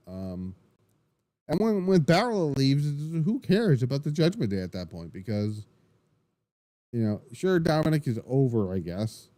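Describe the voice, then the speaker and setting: A man hosting a wrestling podcast, recapping the show in an excitable, rambling way, full of restarts and swearing. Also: medium pitch, a little slow, dry recording. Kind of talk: casual solo recap.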